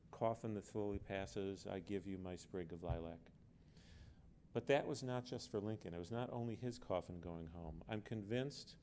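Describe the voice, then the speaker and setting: A man's voice: fairly low pitch, warm tone, a little hiss or hum. A man speaking as an author on a book festival panel, earnest and emphatic, often repeating words as he goes. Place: book fair event.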